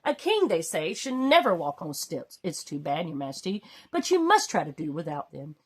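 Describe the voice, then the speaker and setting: A woman's voice: sits low, big pitch swings, moderate pace, breathy edge, voice pushed down, full character voice. A woman voicing a scheming male royal lord who mutters slyly and barks harsh commands in a storybook reading.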